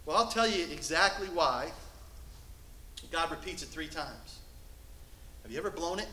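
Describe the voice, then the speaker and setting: A male pastor preaching a sermon from the pulpit, shifting between loud, emphatic lines and hushed, soft passages. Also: fairly high pitch, expressive, normal speed, roomy sound, a little hiss or hum, rough recording. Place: church sanctuary.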